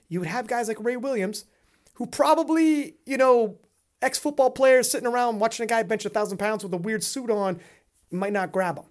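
A man co-hosting a casual podcast, talking in a rambling, animated way and laughing often. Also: high voice. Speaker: podcast co-host.

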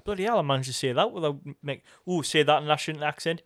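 Sweary Geordie man, smooth clear voice. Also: a little high, fast talker, a bit bright, no room sound, studio quality. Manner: sweary, joking, rambling banter. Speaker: podcast co-host. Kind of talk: casual chat.

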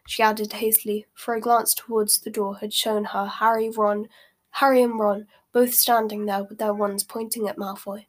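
A woman reading a novel aloud in steady, expressive narration. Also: mid-range voice, normal speed. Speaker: reader.

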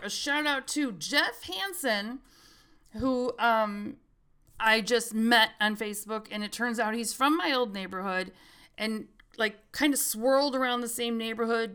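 A woman's voice: on the high side, sharp tone, smooth. A middle-aged woman hosting a podcast, telling stories in a chatty way and laughing often. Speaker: podcast host. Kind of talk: casual chat.

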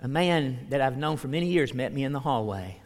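A man's voice: mid-range voice, animated, brisk. A man preaching a sermon as pastor, speaking earnestly and reading scripture aloud. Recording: long hall reverb.

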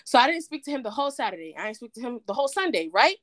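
Animated woman telling a story. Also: a little high, very fast, dry recording, clean studio sound. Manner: animated storyteller, quotes others in dialogue. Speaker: podcast co-host. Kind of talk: casual chat, storytelling.

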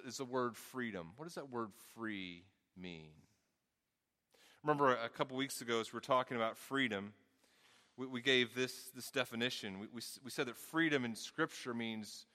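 A middle-aged male pastor with a Southern twang worn down by years in the Midwest. His voice is bright and forceful, and it rings with the long reverb of a large hall. He preaches earnestly and often repeats words as he works through a thought. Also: mid-range voice. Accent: Southern US, softened by Midwest. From American South. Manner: earnest, repeats words while thinking aloud. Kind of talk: sermon.

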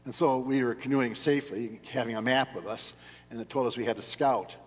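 A man's voice: medium pitch, steady tone, brisk. A man preaching a sermon as pastor, earnest and emphatic, pressing hard on key words. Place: church sanctuary. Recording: long church reverb.

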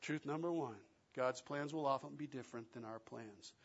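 A man preaching a sermon, acting out quoted lines and swinging between loud and soft. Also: medium pitch, normal speed, muffled recording. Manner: dramatic, acts out quoted lines with big swings in loudness. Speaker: pastor.

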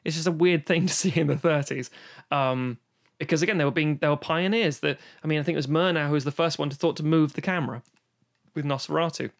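A man in casual podcast chat about film, animated and profane, acting out quotes as he goes. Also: on the high side, quick pace, creaky. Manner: animated, swearing, acts out quotes. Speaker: podcast guest discussing films.

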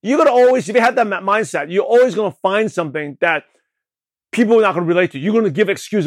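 A man from Brooklyn, New York, hosting a show and giving an energetic motivational talk on network marketing, with a slight lisp, often checking in with the listener. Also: sits high, fast, dry recording. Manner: energetic, repetitive, asks the listener questions. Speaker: podcast host, network marketing coach.

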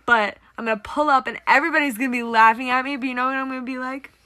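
A teenage girl co-hosting a casual podcast, animated and giggly, talking in quick bursts. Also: high voice, no echo. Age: teens. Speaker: podcast co-host. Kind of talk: casual chat.

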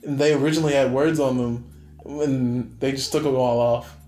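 A man's voice: mid-range voice, steady tone, normal speed, dark tone. Guy cohost explaining stuff eagerly, echoey room, faint music underneath. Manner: eager explainer, sets up context. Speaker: podcast co-host. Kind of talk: casual chat. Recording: roomy echo with faint music.

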